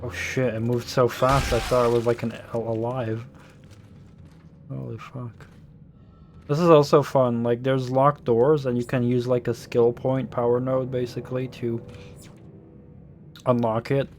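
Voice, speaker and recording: A man streaming a game, muttering and swearing as he thinks out loud about upgrades. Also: medium pitch, level tone, measured pace, pauses often, slight background noise. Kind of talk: casual gameplay commentary.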